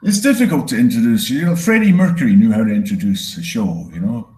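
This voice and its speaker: Deadpan Scottish man doing stand-up. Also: quick pace, few pauses, roomy sound, poor audio. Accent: Scottish with a Canadian tinge. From Scotland. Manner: deadpan, crude, self-mocking, breaks into high mocking voices for quoted people. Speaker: stand-up comedian. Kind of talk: stand-up comedy set.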